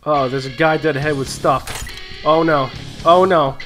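A man hosting a gaming video, giving excitable live commentary on his own play, swearing, laughing and talking to himself. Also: a little high, unhurried, faint music behind.

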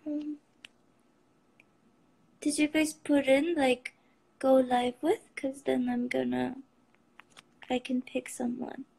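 A woman's voice: high-pitched, level tone, slow pace, vocal fry, long pauses, dark tone, breathy edge. A young woman hosting a live stream from her phone, chatting with fans in an emotional, giggly and teary way. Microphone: phone, video call.

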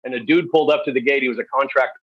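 A man shares stories as a podcast guest. He speaks candidly and haltingly, with lots of fillers, at a mid pitch. The recording sounds dry and a little dull. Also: steady tone, slightly rough, no room sound. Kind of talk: storytelling interview.

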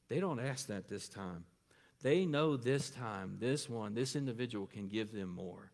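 A man's voice: medium pitch, normal speed, in a large hall. A man preaching a sermon as pastor, often asking the congregation questions and pressing his points home.

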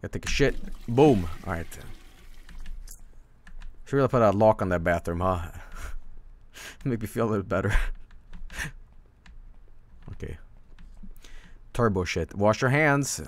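A man's voice: lowish voice, lively intonation, measured pace, pauses often. A man from Sweden with a Swedish accent, casually rambling and swearing while commenting on a game stream.

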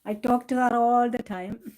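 A woman's voice: fairly high pitch, fairly even intonation, normal speed, a little mellow. A woman chatting casually on a live stream, doting on her cat and laughing often. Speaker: cooking channel host.

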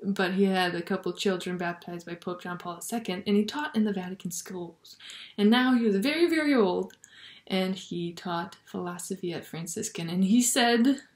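A woman giving a reflective spiritual talk, thoughtful and unhurried, sometimes dropping to a soft near-whisper. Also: medium pitch. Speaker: Catholic video blogger. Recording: roomy echo.

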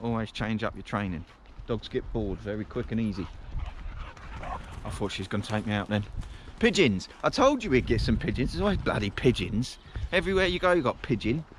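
With a fairly low pitch and lively intonation, a man speaks a little fast as he walks his dogs through the woods. He chats to his viewers in a rambling, casual way, recorded handheld on a windy day, so wind and outdoor noise come through.

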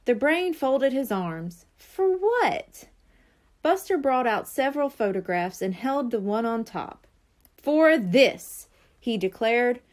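A woman working as a librarian, reading a children's chapter book aloud with clear, expressive storytelling. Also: a little high, a little slow, few pauses.

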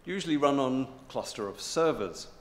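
A man giving a rehearsed pitch presentation in a hotel conference hall, stressing words in a deliberate, drawn-out way. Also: expressive. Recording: echoey hotel hall with long reverb.

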